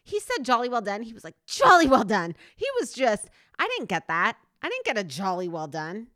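A woman in her thirties co-hosts a casual podcast, her voice bright and ringing as it swoops up and down. She rambles with plenty of fillers and bursts into laughter, and the sound is close and dry. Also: mid-range voice, sing-song, brisk, no echo. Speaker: podcast co-host. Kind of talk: casual chat.

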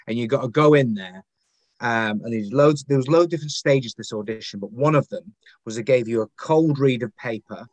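A man's voice: medium pitch, no room sound. Rambling Northern English man, dry sound. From Northern England. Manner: rambling, self-deprecating, many fillers. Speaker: guest, actor and poet. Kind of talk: casual podcast interview.

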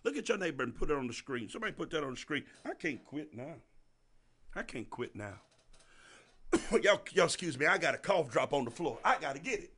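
A man preaching a sermon to a congregation, repeating phrases for emphasis and calling out to listeners by name, swinging between soft and loud. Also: a little high, sing-song, a little fast, husky.

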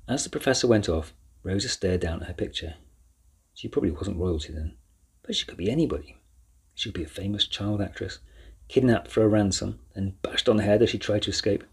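A man reading a children's storybook aloud as narrator, in an even, measured way. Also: fairly low pitch, breathy edge. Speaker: audiobook narrator.

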